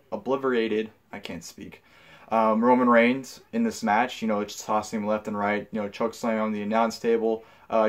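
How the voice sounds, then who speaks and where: Casual, rambling young man reviewing. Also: mid-range voice. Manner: casual, rambling with many fillers and restarts; blunt and profane when annoyed. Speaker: wrestling show reviewer.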